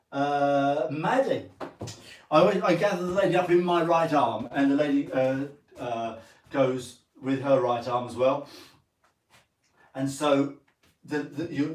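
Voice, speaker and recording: This English dance teacher's fairly high voice comes across roomy and distant as he runs a live-streamed lesson. Between chatting with viewers, he counts and sings each step aloud.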